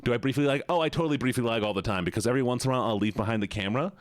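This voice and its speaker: A man's voice: mid-range voice, racing, dry recording, studio quality. A man chatting playfully and animatedly with viewers on a live stream. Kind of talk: casual live-stream chat.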